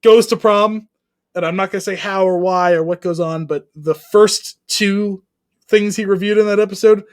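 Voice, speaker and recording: Man, podcast co-host, high voice, animated storyteller, laughs a lot. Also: moderate pace. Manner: animated storyteller, acts out lines, laughs often. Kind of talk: casual chat, retelling a comedy scene.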